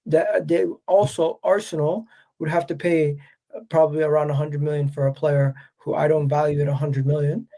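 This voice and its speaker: A man as guest on a live chat, arguing his point at length in a measured way and pushing back. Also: on the high side, level tone, warm tone.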